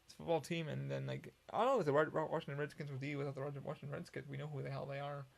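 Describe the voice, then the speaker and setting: Man, podcast host, gravelly voice, a bit high-pitched, swears a lot, rambling and unscripted. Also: steady tone, racing. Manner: profane, rambling, restarts often.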